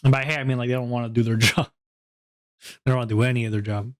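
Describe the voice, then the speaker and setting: A man's voice: medium pitch, fairly even intonation, rapid-fire. Rambling young man streaming casually. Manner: rambling, laughing and swearing, talks to chat. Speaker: VTuber streamer. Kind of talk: casual livestream chat.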